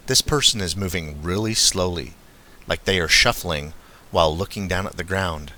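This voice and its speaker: A man reading a first-person witness account aloud in a steady, measured way. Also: sits low. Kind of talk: scripted first-person narration.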